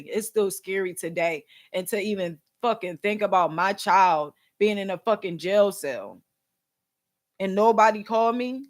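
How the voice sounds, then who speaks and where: A woman's voice: mid-range voice, a little slow. A young woman from Philadelphia, upset and near tears, ranting bluntly and with heavy profanity on a live stream. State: tearful and upset. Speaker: vlogger and podcast host. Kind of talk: emotional live-stream rant.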